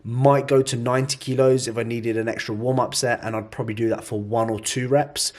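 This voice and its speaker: A man's voice: medium pitch, fairly even intonation, brisk, a little mellow. A young man talking to camera in a casual gym vlog, fired-up and blunt, swearing freely. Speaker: bodybuilder vlogger.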